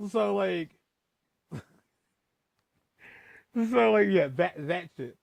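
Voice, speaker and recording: Gravelly, higher-pitched man chatting casually. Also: animated, drawn-out words, long pauses, no room sound. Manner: profane, rambling, switches between a higher playful voice and a lower formal one. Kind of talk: casual chat.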